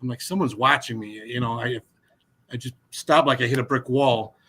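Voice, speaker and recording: Man, bright voice, animated storytelling, casual podcast talk. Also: mid-range voice, moderate pace. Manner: animated storyteller, frequent restarts and laughs. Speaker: paranormal investigator guest.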